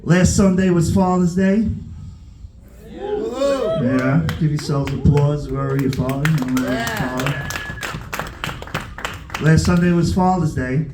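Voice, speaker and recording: High, lively stand-up comic in an echoey club. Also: male voice, measured pace, long pauses, a crowd in the background. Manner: profane, animated, voices shouted punchlines. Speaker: stand-up comedian. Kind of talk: stand-up comedy storytelling. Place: comedy club stage.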